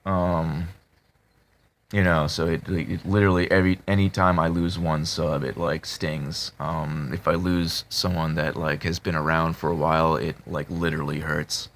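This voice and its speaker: A man talking casually to his subscribers, halting with many fillers and restarts, in a flat tone that can sound annoyed. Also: extremely low pitch. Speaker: video creator talking to subscribers. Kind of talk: casual confessional talk to camera.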